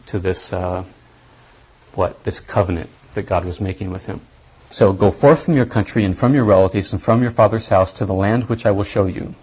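A man giving a lecture on scripture, thinking aloud deliberately and stressing key points. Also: low-pitched, darkish tone, husky, poor audio. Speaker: Bible teacher.

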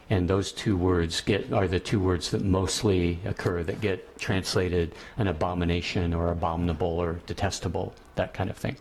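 Low-voiced man lecturing a class. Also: level tone, normal speed, few pauses, darkish tone, a little hiss or hum. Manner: thinking aloud, restarts sentences. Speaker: teacher.

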